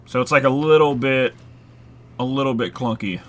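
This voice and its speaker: In a mid-range voice at a moderate pace, the man keeps up loose gameplay chatter while he streams a horror title live, rambling along with lots of filler and casual swearing.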